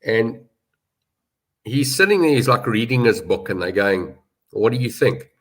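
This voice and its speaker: This rugby betting pundit from South Africa is middle-aged and speaks at a medium pitch, expressively and a little slowly. In casual discussion he tells stories with emphasis, going back over his words to drive them home.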